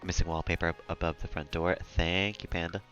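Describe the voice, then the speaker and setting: A man's voice: low-pitched, little pitch movement, brisk, fairly bright tone, highs cut off, soft background music. A man live-streaming a game, rambling and chatty, often laughing at his own jokes. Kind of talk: casual gameplay commentary.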